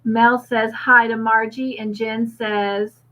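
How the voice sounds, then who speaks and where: A woman's voice: a little high, level tone, slow pace. A woman hosting a casual livestream, reading out viewer comments and chatting back with frequent laughs. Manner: chatty, warm toward viewers, laughs often. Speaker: host. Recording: slightly dull lo-fi audio.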